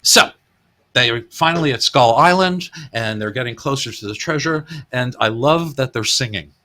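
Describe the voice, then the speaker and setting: A man's voice: medium pitch, expressive, moderate pace, sharp tone. A man hosting a podcast, retelling film gags in a casual, chuckling way. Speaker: podcast host.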